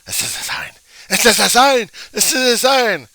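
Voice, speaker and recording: A man putting on the voice of a frantic male protester who shouts the same words over and over. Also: medium pitch, very animated, rapid-fire, no room sound, voice pushed up. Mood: frantic shouting. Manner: shouting, insistent, repeating himself.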